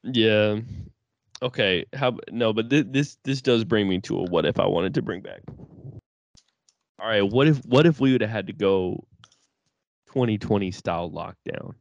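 Deep-voiced laid-back guy. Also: moderate pace, creaky, long pauses, no room sound, lo-fi sound. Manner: laid-back, swears often, lots of fillers and restarts. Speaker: podcast co-host. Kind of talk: casual chat.

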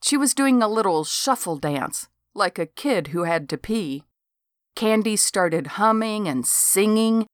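Woman reading a folksy audiobook, slow and wry, dry close mic. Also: medium pitch, lively intonation, no room sound. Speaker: audiobook narrator. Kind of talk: scripted first-person narration.

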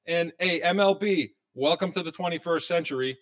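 A man hosting a sports talk show, talking casually in an animated, excitable way. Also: fairly high pitch, normal speed.

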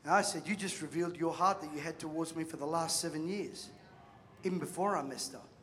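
A man's voice: fairly high pitch, brisk. A man preaching a sermon, telling stories and acting out the voices of people in them. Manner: animated storytelling, acts out voices, jokes with the crowd. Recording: long reverb of a large hall.

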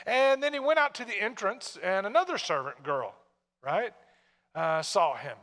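A pastor from Tennessee preaching a sermon in a conversational way, full of rhetorical questions to the congregation. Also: male voice, sits high, very animated, moderate pace, a bit bright, long reverb tail.

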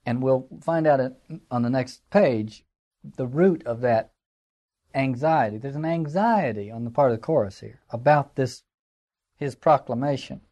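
A man's voice: medium pitch, measured pace, dark tone. A man giving a classroom lecture in a conversational, digressive way, with fillers and wry asides. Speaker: teacher.

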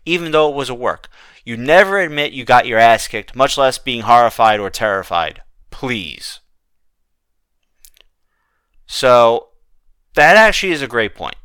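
A man's voice: mid-range voice, a bit bright, smooth, no room sound. A man hosting a wrestling podcast, chatting casually with plenty of restarts. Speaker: podcast host. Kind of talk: casual chat.

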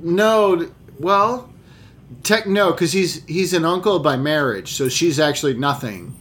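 Rambling, lively podcast co-host. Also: male voice, fairly high pitch. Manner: rambling, swears, halting restarts. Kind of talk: casual podcast banter.

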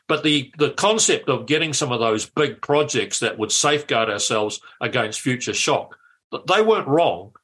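Bright-voiced older New Zealand man. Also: medium pitch. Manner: animated anecdotal storytelling with restarts. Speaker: guest, former politician. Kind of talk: casual chat.

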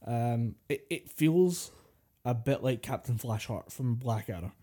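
A man's voice: medium pitch, animated, measured pace, dark tone. A man co-hosting a podcast, chatting casually about films and laughing at his own jokes. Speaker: podcast co-host. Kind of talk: casual chat.

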